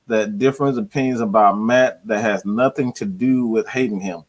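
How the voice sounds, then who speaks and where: A man's voice: lowish voice, normal speed, hardly any pauses. A man hosting a fan channel, ranting about his team with slang, swearing and lots of repetition. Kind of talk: profane sports fan rant.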